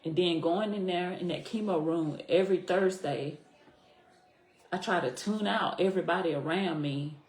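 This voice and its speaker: A woman's voice: lowish voice, moderate pace, a little mellow. A middle-aged woman, a podcast guest, telling her personal story in an earnest, heartfelt way, often repeating herself. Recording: echoey room.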